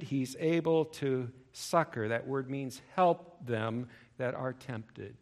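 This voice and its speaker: A male preacher giving a sermon, emphatic, swinging between loud stressed phrases and low asides. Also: takes it slowly, few pauses.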